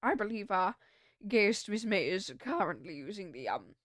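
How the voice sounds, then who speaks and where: A woman's voice: medium pitch, sing-song, normal speed, very noisy, lightly acted. A woman voicing a polite, stiff male hotel bellboy in a put-on British accent, formal and hesitant. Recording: game music behind.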